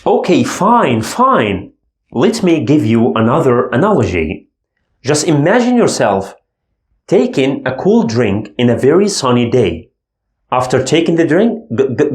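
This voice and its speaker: Male language teacher, slow and lively delivery, echoey room. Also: mid-range voice. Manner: slow, demonstrates letter sounds from the throat. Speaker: Arabic teacher. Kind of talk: language lesson.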